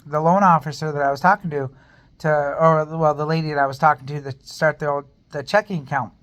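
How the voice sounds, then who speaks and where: A man's voice: on the high side, steady tone, fairly quick, fairly bright tone, lo-fi sound. A man talking to camera in a personal vlog, earnest and rambling as he shares a faith testimony and speaks openly about being in pain. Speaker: vlogger.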